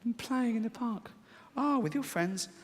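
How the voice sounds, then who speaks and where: A man's voice: expressive, measured pace, slightly rough, full character voice. A man voicing an innocent six-year-old girl in a stand-up joke. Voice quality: high childish voice. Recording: hall reverb, faint noise.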